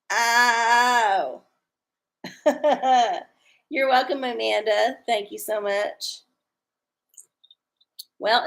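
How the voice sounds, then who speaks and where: Gravelly yet fairly bright, this slightly high female voice belongs to a tarot livestream host. She chats casually and irreverently with her audience, wandering off topic, joking crudely and laughing a lot.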